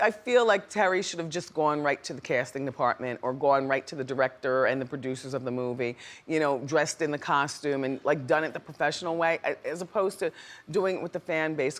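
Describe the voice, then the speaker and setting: A woman hosting a talk show, chatting playfully and laughing often with her studio audience. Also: low-pitched.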